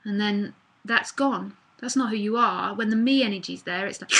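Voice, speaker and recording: A woman's voice: mid-range voice, normal speed, hardly any pauses, fairly bright tone, slightly rough. A woman with a New Zealand accent giving a casual live spiritual talk, rambling and acting out the voice of anxious thoughts. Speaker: nondual spiritual teacher. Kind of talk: live online talk answering questions.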